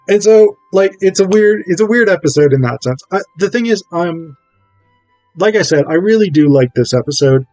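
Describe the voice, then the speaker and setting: A man's voice: high voice, lively intonation, normal speed, darkish tone, dry recording, soft background music, poor audio. A man recapping a television episode at home, rambling with self-interrupting asides. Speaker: video essayist.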